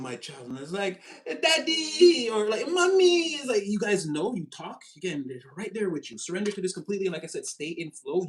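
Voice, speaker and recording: A man giving a casual, animated tarot reading, with a slangy spiritual pep-talk manner that jumps up in pitch when he gets excited. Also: low-quality recording. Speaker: tarot reader.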